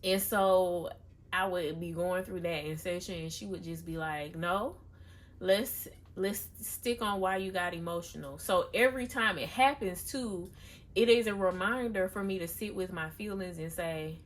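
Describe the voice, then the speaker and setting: A woman's voice: lowish voice, normal speed. A young woman talking candidly and confessionally in a casual personal vlog, chatting to her viewers. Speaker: vlogger.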